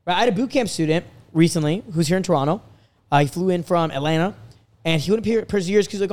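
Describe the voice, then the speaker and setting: Brash male podcast host, rapid and high-pitched, swears freely, animated storyteller. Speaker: podcast host and dating coach. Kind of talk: casual podcast chat.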